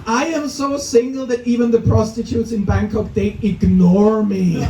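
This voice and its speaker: A man's voice: very high-pitched, reverberant, far from the mic, background noise. A male stand-up comedian in a comedy club, delivering crude, self-mocking punchlines. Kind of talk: stand-up set.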